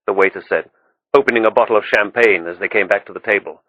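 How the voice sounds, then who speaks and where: Low-voiced male audiobook narrator. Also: dry recording. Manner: steady, measured reading. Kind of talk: scripted narration. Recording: dull, dry audiobook recording.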